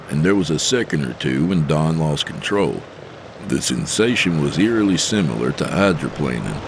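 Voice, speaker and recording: A man narrating a scripted fiction podcast in a steady, measured storytelling manner, close to the mic. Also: very deep voice, a little hiss or hum.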